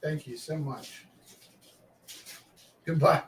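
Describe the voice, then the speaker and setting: A man rambles casually, his voice a bit high and thick with fillers. He sits back from the mic in an echoey room. A faint hiss runs underneath. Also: normal speed, far from the mic. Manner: rambling, chatty, trails off with fillers. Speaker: live-streaming artist. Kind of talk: casual chat while drawing.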